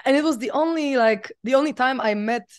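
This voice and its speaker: A woman with a high-pitched, fairly quick voice appears as a podcast guest, recounting a personal story in a chatty interview style packed with fillers.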